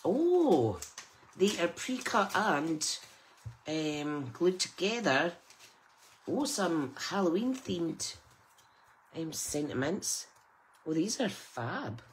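A woman's voice: sits low, animated, slow, long pauses, rough recording. Gushing woman opening gifts. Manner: gushing, exclaiming with delight. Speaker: craft channel host. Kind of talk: casual unboxing chat.

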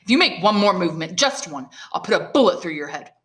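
A woman's voice: on the low side, very animated, fast talker, fairly bright tone. A woman reading the lines of a curt, dismissive male police guard. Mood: threatening.

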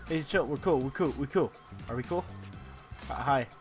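A young man co-hosting a casual let's-play, excitable and laughing with loud bursts. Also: medium pitch, moderate pace. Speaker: gaming channel co-host. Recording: game music behind.

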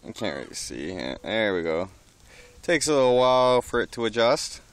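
A man casually filming outdoors, talking excitedly to birds and swearing often. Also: on the low side, moderate pace, clean tone. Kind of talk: casual vlog narration.

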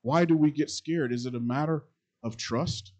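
A middle-aged man, a pastor, preaching a sermon that repeats its phrases and swings between loud and quiet passages. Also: fairly high pitch, moderate pace, low-quality recording.

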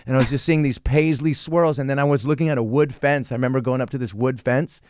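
A man's voice: medium pitch, steady tone, fast, darkish tone, smooth. A man in his forties talking as a podcast guest in casual chat, a laid-back storyteller who swears freely and draws out his phrases.

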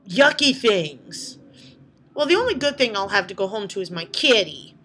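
A woman chatting casually to her vlog audience, swearing a lot as she tells animated stories. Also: a little high, normal speed. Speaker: vlogger. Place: indoors at night.

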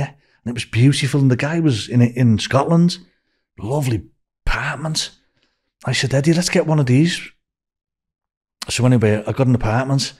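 An older man with a Liverpool accent, telling a rambling story as a podcast guest and raising his pitch for quoted voices. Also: a little mellow, husky. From Liverpool, England.

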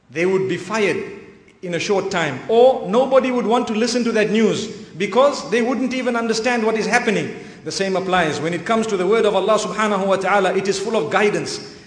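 A man delivers an earnest, emphatic sermon, his voice pitched fairly high for a man. His words ring out with a long reverb through a roomy prayer hall. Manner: earnest, emphatic, with frequent Arabic phrases. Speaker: preacher.

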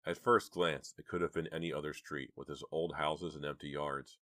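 Deep voiced guy reading an audiobook, steady, dry sound. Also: moderate pace, no room sound. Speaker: audiobook narrator. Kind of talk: scripted audiobook narration.

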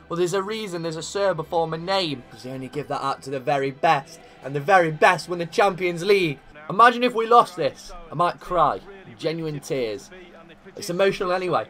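Young gamer guy yelling at his football game, bright voice, faint music behind. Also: a little high, normal speed. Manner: excitable, shouting at big moments, dry asides. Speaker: gaming YouTuber. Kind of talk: commenting over a football video game.

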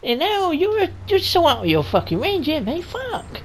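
A woman's voice: very high-pitched, huge pitch swings, moderate pace, a little hiss or hum. A woman giving sweary, rowdy commentary while playing a video game. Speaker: gaming let's-player. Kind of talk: casual gameplay commentary.

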